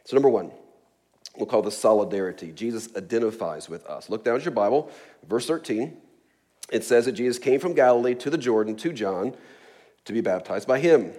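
A man's voice: mid-range voice, expressive, brisk, dark tone. A man preaching a sermon in a casual, joking way, with chuckles, asides and many fillers. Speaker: pastor.

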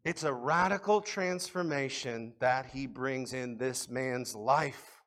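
A man preaching a sermon to a congregation, swinging between loud appeals and quiet reflection. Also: mid-range voice, slow pace. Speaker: pastor.

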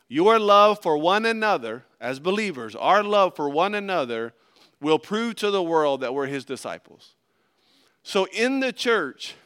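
A man preaching a sermon, folksy and animated, swinging between loud emphasis and hushed asides. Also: a little high, clear, resonant tone. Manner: animated, folksy, acts out little voices. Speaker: pastor.

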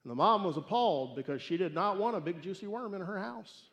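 A man preaching a sermon and telling a story, emphatic and swinging between loud declarations and hushed asides. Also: high voice, expressive, brisk. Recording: echoey hall reverb.

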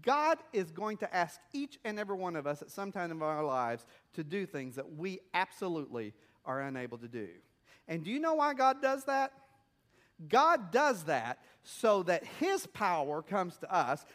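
A man's voice: sits high, sing-song, normal speed, a bit bright. A man preaching a sermon as a missionary pastor, telling stories and asking the congregation questions in a conversational way. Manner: conversational storytelling with rhetorical questions.

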